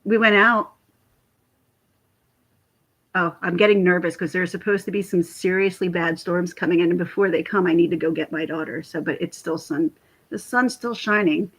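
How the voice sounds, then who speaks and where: Husky-voiced woman in her forties. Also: on the low side, moderate pace. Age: 40s. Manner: rambling, animated storytelling. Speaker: vlogger chatting with live viewers. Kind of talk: casual livestream chat. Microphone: computer mic.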